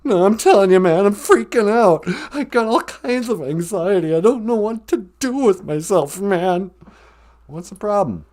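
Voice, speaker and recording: A man's voice: high-pitched, animated, normal speed, a little mellow. A man voicing a panicky male cowardly lion who calls in and rambles about his fears. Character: jittery anxious male cowardly lion caller. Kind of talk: comedy podcast bit.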